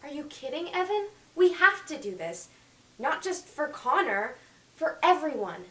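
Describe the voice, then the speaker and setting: Woman reading as pushy teen girl, high bright voice, rapid gushing chatter, echoey room. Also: sing-song, heavily acted. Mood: bossy. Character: overeager chatty teenage girl, Alana. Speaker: auditioning actress. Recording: echoey room, faint music, from far off.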